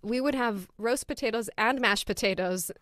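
Laughing, animated woman co-host. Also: fairly high pitch, normal speed, no room sound, clean studio sound. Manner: animated storytelling, laughs often. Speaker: podcast co-host. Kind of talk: casual chat.

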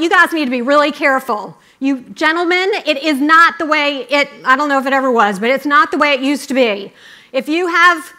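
A middle-aged woman giving a chatty, brisk speech to a student audience, full of asides. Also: sits high, pushed and bright. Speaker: conference speaker.

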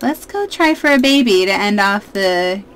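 A woman in her twenties giving casual, excitable let's-play commentary as a gaming YouTuber, chatting to her viewers. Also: mid-range voice, moderate pace, clean tone.

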